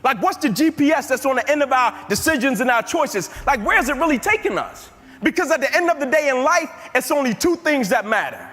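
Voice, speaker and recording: High-voiced man preaching in echoey hall. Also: big pitch swings, brisk, pushed and bright. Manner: emphatic, repetitive building cadences. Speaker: motivational speaker. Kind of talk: live inspirational speech. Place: large hall before an audience. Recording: reverberant hall with music underneath.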